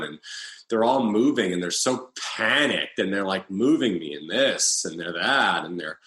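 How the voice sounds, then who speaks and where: Low-voiced man telling his story, roomy echo. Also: animated, fairly bright tone. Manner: halting, with many restarts and fillers. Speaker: interview guest. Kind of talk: personal storytelling in conversation.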